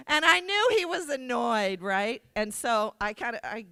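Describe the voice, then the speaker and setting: A woman's voice: fairly high pitch, sharp tone, clear, resonant tone, no echo. Middle-aged woman, keynote storyteller, dry close mic, anecdotal and self-deprecating. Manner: anecdotal, self-deprecating, acts out quoted dialogue. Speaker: keynote speaker. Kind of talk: storytelling speech. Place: conference hall.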